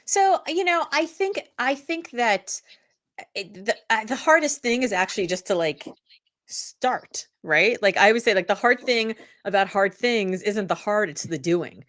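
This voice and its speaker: In an unhurried, medium-pitched voice, a middle-aged author chats as a guest in a relaxed interview. Her storytelling is lively, and she performs the quoted words of other people.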